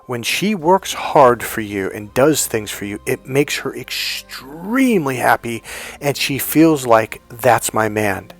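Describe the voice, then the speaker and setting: Man, dating coach, storytelling monologue, jumps into a high voice to quote her, faint music bed. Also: takes it slowly. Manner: animated storyteller, high-pitched when quoting his girlfriend.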